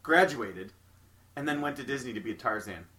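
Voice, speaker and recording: Man co-host, animated and teasing, bright forceful voice. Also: mid-range voice, a little fast. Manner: playful, mock-exasperated storyteller. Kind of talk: casual podcast chat about movies.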